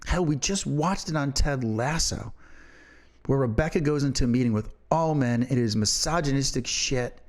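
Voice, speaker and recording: A middle-aged man and podcast co-host, talking in a fiery, profane and emphatic way. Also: mid-range voice. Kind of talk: impassioned opinion talk.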